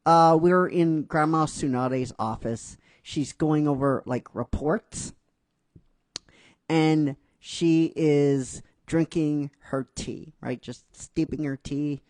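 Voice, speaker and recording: A man's voice: fairly high pitch, dry recording. A man casually narrating a fan-written story, chatty and rambling with many fillers.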